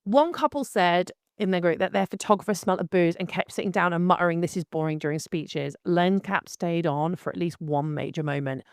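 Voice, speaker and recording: A woman's voice: fairly low pitch, brisk, few pauses, clean tone, no room sound, clean studio sound. A woman, a photographer, telling a story about a client in a rambling, exasperated monologue full of restarts. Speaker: photographer and host.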